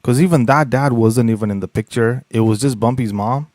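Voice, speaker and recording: A man's voice: mid-range voice, a little fast, a little mellow, dry recording. A man giving casual, hesitant reactions to a story he has just heard. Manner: hesitant, hedging. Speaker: reaction video host.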